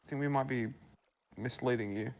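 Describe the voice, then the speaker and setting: A man's voice: mid-range voice, brisk, vocal fry, a little mellow, poor audio. A man telling a rambling story full of fillers during a casual gaming chat, speaking over a voice call. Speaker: map builder guiding a playthrough.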